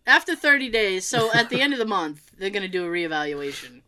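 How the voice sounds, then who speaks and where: A woman chatting casually, telling an animated, laughing story with plenty of swearing. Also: medium pitch, brisk. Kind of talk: casual chat.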